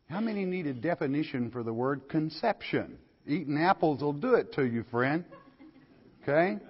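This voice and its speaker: Folksy older pastor, hall reverb. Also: male voice, a little high, lively intonation, normal speed, breathy edge. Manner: folksy, questioning the listeners and reading scripture aloud. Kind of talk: verse-by-verse Bible lecture. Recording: lo-fi recording in a hall.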